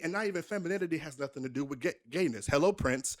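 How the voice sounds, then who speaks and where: Young male minister, interview guest, emphatic storyteller, somewhat high voice. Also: quick pace. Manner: animated, emphatic, rhetorical questions. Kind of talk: candid conversational storytelling.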